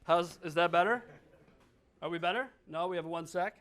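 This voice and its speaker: A man's voice: sits high, moderate pace, a bit bright. A man from Wisconsin giving a blunt, joking conference talk and swearing now and then. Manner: blunt, swears, jokes with audience. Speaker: conference speaker. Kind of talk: keynote talk. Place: conference hall.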